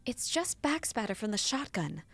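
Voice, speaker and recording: A woman reading a novel aloud, voicing a flustered young woman caretaker who turns bossy and exasperated in shrill, rising outbursts. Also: sing-song, normal speed, fairly bright tone, husky, exaggerated voice.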